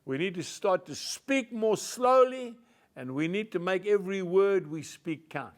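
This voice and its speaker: A male preacher with a loud voice giving a devotional sermon and reading scripture, emphatic and folksy, calling his listeners folks. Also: sits high, expressive, unhurried.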